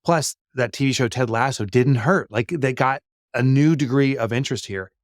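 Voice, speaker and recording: A man's voice: mid-range voice, normal speed, no echo. Chatty man with a dry sound. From United States. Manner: chatty, frequent fillers and restarts. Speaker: guest, business author. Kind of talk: conversational interview answers.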